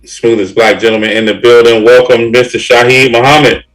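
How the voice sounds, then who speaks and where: A man's voice: mid-range voice, a little fast, faint music behind, poor audio. A man from upstate New York hosting a casual podcast over a video call, loose and easygoing, with plenty of ums and laughs. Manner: relaxed, with frequent fillers and laughs. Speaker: podcast host.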